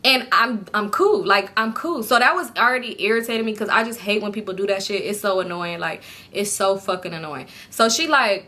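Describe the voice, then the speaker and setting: A woman's voice: medium pitch, a little fast. A young woman, casually telling a storytime to her viewers and acting out her friends' lines. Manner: animated, acts out friends' lines with profanity. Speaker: storytime vlogger.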